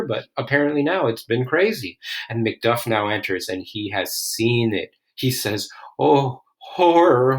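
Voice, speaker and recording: A literature explainer with a higher-pitched voice casually reads old verse aloud, then paraphrases each line in plain talk. He sounds curious and musing as he comments.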